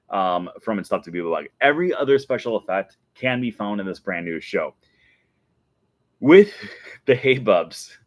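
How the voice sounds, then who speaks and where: A man with a lowish voice chats excitedly in a casual vlog and keeps breaking into giggles. The sound is close and dry, with no room around him. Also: no room sound. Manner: excited, animated storytelling. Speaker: show host.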